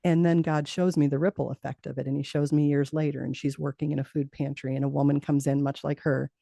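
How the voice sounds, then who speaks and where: A woman's voice: low voice, level tone, fast talker, creaky, warm tone, no room sound, studio quality. A middle-aged woman, a guest in an interview, telling a personal story earnestly, laughing now and then and restarting her sentences.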